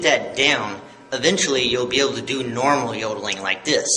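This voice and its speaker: A man's voice: mid-range voice, brisk, few pauses, pushed and bright. A man giving a patient, upbeat yodeling tutorial, explaining each step plainly. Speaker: yodeling teacher. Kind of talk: tutorial video. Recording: echoey room with faint noise.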